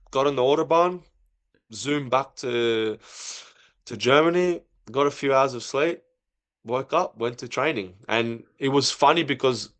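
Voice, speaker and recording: A man in casual podcast talk, telling an animated story and acting out the dialogue. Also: mid-range voice. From not from Europe. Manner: animated, acts out quoted dialogue. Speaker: podcast guest, former footballer.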